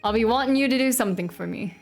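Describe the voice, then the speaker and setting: A woman voicing a wealthy, boastful gentleman with a shaky put-on Irish accent and a raised voice. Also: on the high side, very fast, faint music behind, natural voice.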